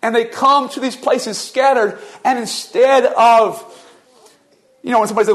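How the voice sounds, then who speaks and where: A man's voice: extremely high pitch, steady tone, normal speed. A male pastor delivering a sermon, retelling scripture as a vivid, flowing story.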